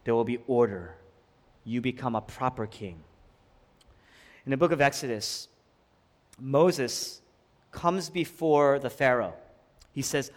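A male pastor preaching a sermon, swinging between ringing shouts and hushed, intimate lines, with many rhetorical questions. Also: medium pitch. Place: church sanctuary. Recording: long hall reverb.

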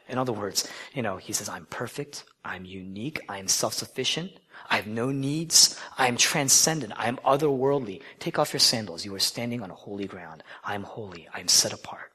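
Man preaching, from loud to whispered. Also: mid-range voice, animated, fairly quick, slightly rough. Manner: dynamic, swings from loud declarations to hushed whispers; conversational, asks the listeners questions. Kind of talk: sermon.

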